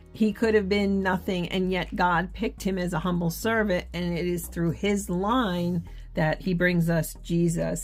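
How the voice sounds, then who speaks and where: A woman hosting a faith journaling channel, talking casually and earnestly to viewers while she writes, with soft laughs and fillers. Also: fairly low pitch, creaky.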